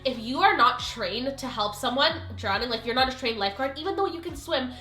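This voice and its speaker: A young woman telling a storytime on her vlog, animated and exclamatory, full of "like" and quick asides. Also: high voice, faint music behind. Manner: animated, exclamatory, filler-heavy retelling. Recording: roomy echo.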